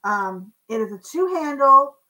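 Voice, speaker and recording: A woman's voice: high voice, very animated, a little slow, bright, forceful tone, poor audio. A woman hosting a live online auction in a chatty, casual way, describing items and counting down bids. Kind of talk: casual live-stream selling.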